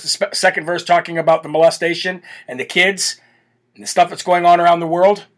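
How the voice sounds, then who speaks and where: A man hosting a live talk show, talking animatedly to his viewers and often laughing. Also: a little high. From United States. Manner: animated, laughing, mock accents. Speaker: host.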